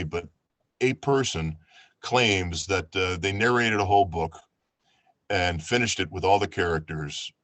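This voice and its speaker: A man from New York, an audiobook narrator, talking casually over a video call in a relaxed, chatty way. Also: sits low, no echo. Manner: relaxed, chatty, with fillers and restarts.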